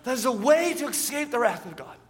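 A man's voice: extremely high pitch, very animated, fairly quick, long reverb tail. A man preaching a sermon as pastor, often asking his listeners rhetorical questions and repeating words as he goes.

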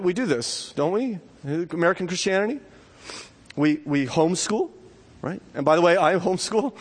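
A man's voice: high-pitched, a bit bright. A male pastor preaching a sermon in a conversational, earnest way, often adding "right?" to check in with his listeners. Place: church sanctuary. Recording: long hall reverb.

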